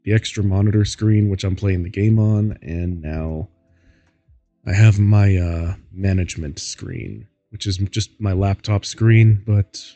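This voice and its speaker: A man's voice: sits low, a little slow, mellow, no room sound, soft background music. A goofy, giggly man hosting a laid-back gaming stream and rambling to chat, a bit tired from poor sleep. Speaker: streamer host. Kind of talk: casual chat while gaming.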